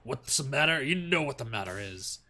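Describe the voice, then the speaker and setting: A man doing a gruff, threatening father. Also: mid-range voice, moderate pace. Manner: firm, flat, threatening. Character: gruff protective middle-aged father, curt.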